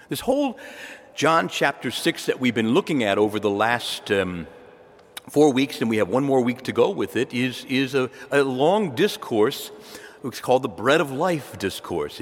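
A man's voice: medium pitch, long reverb tail. A man preaching a homily as a priest, emphatic, repeating key words and adding rhetorical asides. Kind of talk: sermon.

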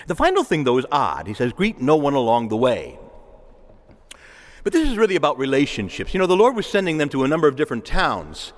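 Lively preaching priest in a reverberant church. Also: male voice, fairly high pitch. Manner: conversational preaching with asides and repetitions. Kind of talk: sermon.

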